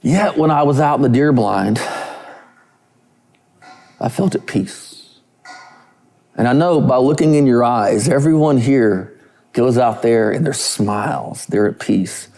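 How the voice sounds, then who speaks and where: A man telling a heartfelt story to a conference audience on stage, animated and quoting the people in it. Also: mid-range voice, normal speed, creaky. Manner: emotional, animated storytelling with quoted dialogue. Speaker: conference speaker.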